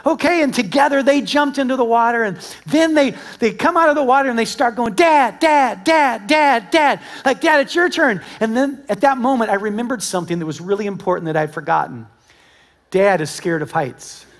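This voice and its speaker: A high-voiced American man in middle age preaches to his congregation. He tells animated stories, acting out the dialogue, and his voice swings from loud invitations down to hushed asides. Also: fairly quick. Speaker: pastor. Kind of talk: sermon. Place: church auditorium with live congregation.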